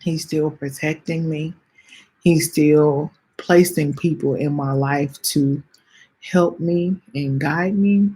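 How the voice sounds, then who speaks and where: A podcast host in her late twenties shares a heartfelt personal reflection, speaking slowly and earnestly while close to tears. Her low, husky voice is a little breathy, mellow and steady in tone. She halts, restarts and repeats phrases as she speaks directly to her listeners, calling them y'all.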